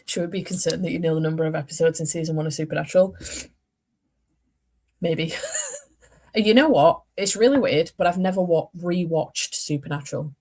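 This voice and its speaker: A woman's voice: sits low, fairly quick, long pauses, darkish tone. Chatty woman, rambling and laughing. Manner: chatty, rambling, laughs often, self-correcting. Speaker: book vlogger. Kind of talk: casual chat.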